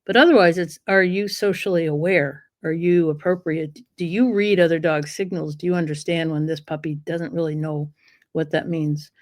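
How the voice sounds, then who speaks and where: Lively woman telling dog stories, low voice. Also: moderate pace, dry recording, clean studio sound. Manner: lively storyteller who acts out what dogs say. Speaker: guest, dog breeder and trainer. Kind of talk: casual interview conversation.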